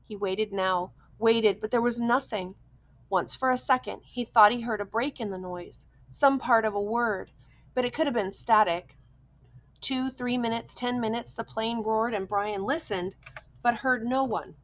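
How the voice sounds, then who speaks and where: A woman reading a novel aloud as an audiobook, with measured, tense storytelling. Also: a little high, rough recording. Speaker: audiobook reader. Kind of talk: scripted narration.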